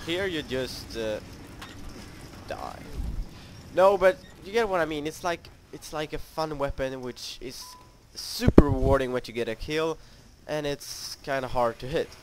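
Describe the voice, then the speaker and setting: A man's voice: a little high, unhurried, noisy background. A young man giving live commentary over his own gameplay, frustrated, swearing and mocking his own skill in rambling talk.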